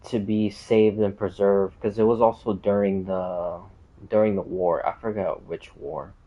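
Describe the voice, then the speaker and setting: A man's voice: lowish voice, darkish tone, highs cut off. A man explaining game lore in a casual, rambling way, full of fillers and side tracks. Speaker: game streamer.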